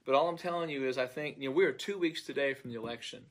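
A man's voice: mid-range voice, quick pace. A man, a pastor, earnestly recounting a dream in an unscripted monologue, often repeating words as he searches for them.

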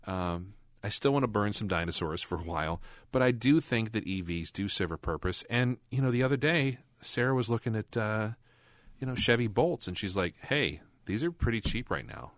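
A man's voice: fairly low pitch, moderate pace, no room sound, studio quality. A man co-hosting a casual car podcast, talking in a rambling, chatty way and laughing often. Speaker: podcast co-host.

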